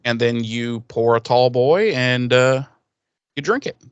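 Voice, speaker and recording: A male podcast co-host chats in a loose, joking way, rambling and stumbling over fillers. His mid-pitched voice sounds very dry and close, with no room in it. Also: expressive, unhurried, smooth, dry recording, highs cut off. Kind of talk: casual podcast chat.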